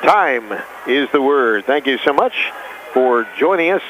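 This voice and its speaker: A male radio host calling a live volleyball match play by play in a brisk, running commentary. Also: medium pitch, lively intonation. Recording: dull lo-fi sound with clear background noise.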